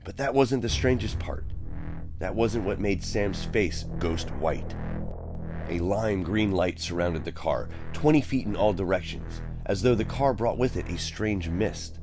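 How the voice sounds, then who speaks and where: A man reading a dramatic story aloud as narrator, with slow storytelling. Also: low voice, animated, over music. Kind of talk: audiobook narration.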